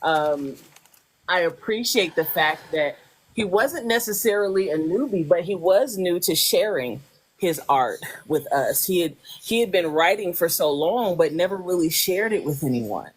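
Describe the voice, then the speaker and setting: A woman's voice: fairly low pitch, lively intonation, moderate pace, husky. A woman hosting a poetry live stream, giving effusive introductions over a video call. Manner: warm, effusive introductions with frequent laughter. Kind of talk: hosting chat.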